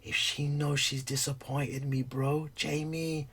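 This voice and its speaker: A man's voice: fairly high pitch, level tone, slow, a bit bright, breathy edge. A middle-aged man, talking candidly about being a dad, who tells stories animatedly and acts out the dialogue. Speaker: stay-at-home dad. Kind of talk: candid conversation.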